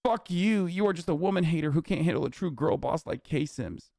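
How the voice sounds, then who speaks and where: His fairly high, warm voice carries vocal fry and is expressive and a little fast as this man in his thirties rants heatedly about politics on a live stream. Cursing and sarcastic, he reads chat aloud, recorded dry at studio quality.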